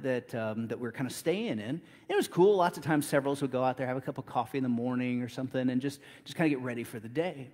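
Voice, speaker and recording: A middle-aged man delivers a sermon in a church, slipping into a relaxed, conversational storytelling manner and repeating words as he restarts. His voice sits a little on the high side for a man. A long reverb from the sanctuary trails after each phrase. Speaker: preacher.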